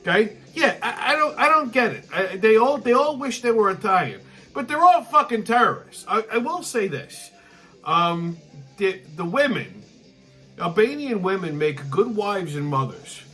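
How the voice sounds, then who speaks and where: A man's voice: high voice, sing-song, moderate pace, fairly bright tone, soft background music. Profane, rambling New man. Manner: profane, rambling, with frequent restarts. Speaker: channel host. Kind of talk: casual vlog monologue.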